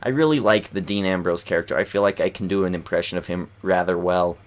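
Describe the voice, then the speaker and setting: Speaking fast in a deep voice, a video game commentator rambles casually through gameplay at home. He keeps his voice down because it's night, and he fills the talk with fillers and restarts.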